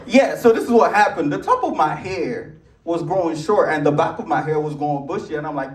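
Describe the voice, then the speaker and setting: Young Nigerian-accented male stand-up, lively swooping delivery, pitched a bit high, roomy theater mic. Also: brisk. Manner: animated, shouts acted quotes in a high voice. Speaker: stand-up comedian. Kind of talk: stand-up comedy set. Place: large theater stage with live audience. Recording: roomy theater sound, distant mic, loud audience laughter.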